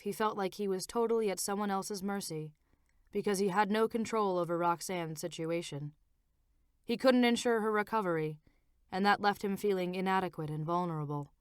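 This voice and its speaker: A woman author narrating her own novel as an audiobook in a measured, expressive reading. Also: mid-range voice, clear, resonant tone, dry recording, clean studio sound.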